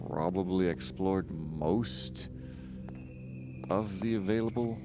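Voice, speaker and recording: A lower-voiced man chats his way through a video game, rambling from one joke to the next and dropping into silly voices. Game music plays clearly beneath his talk. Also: takes it slowly. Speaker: game streamer. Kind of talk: casual let's-play commentary.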